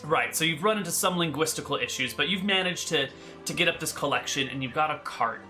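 A male game master with a very bright, slightly high voice, narrating the scene in a loose, rambling way. Faint music sits under his talk. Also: lively intonation, quick pace. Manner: casual, rambling narration with filler words.

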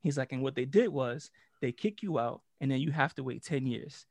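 A man co-hosting a casual chat, telling a story in an animated, profane way and laughing often. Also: medium pitch, moderate pace, no echo. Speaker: podcast co-host.

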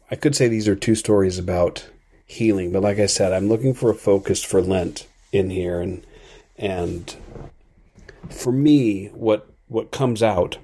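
A man hosts a podcast with a reflective devotional talk, his voice low, warm, and a little husky. He speaks earnestly and thoughtfully, never rushing.

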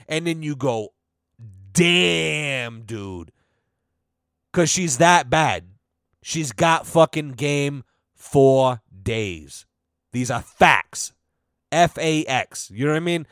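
A man hosting a comedy podcast, ranting casually and profanely, filling every pause with "you know" and acting out quoted people. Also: smooth, no echo. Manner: acts out quoted voices with big pitch swings. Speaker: podcast host.

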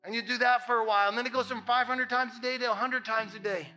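A man preaching a Sunday sermon in a high, bright voice that rings with conviction. He builds his points through emphatic repetition and rises to impassioned peaks. Soft music plays faintly behind him. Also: fairly even intonation, fast, lo-fi sound. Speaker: pastor.

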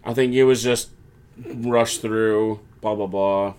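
A man's voice: on the low side, steady tone, slow pace, a little mellow, smooth. A man casually recapping a wrestling show, breaking into mocking voices to quote the wrestlers. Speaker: podcast co-host.

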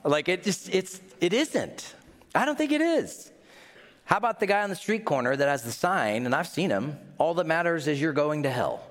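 A man's voice: fairly high pitch, sing-song, normal speed. A man with a Midwestern accent preaching a sermon as pastor, conversational, putting questions to the congregation and acting out little scenes in mock voices.

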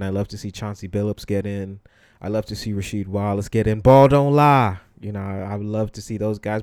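A man from the Bronx, New York, hosts a solo podcast of casual commentary, speaking bluntly and conversationally with lots of ums and you-knows. His low, mellow voice is captured in clean studio sound with no room sound.

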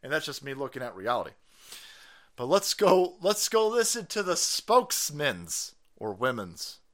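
A man hosting a foul-mouthed commentary livestream, mocking and sarcastic as he rants. His voice sits a little high for a man and swings widely in pitch. The tone is bright and cutting. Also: very animated, a little slow. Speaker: livestream host. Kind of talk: profane political commentary stream.

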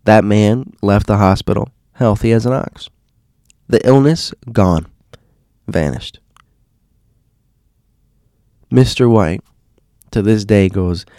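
A man hosting a show, telling a story in a casual, halting way, often repeating words and dropping to a hushed voice. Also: on the low side, animated, no echo, clean studio sound. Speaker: host.

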